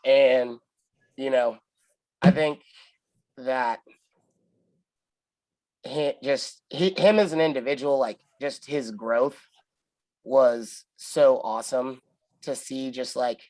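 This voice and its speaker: A man's voice: medium pitch, slow, long pauses, a little mellow, rough recording. A man, rambling casually through a story, full of "like" and acted-out quotes. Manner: rambling, lots of "like", acts out quotes. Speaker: podcast co-host telling a story.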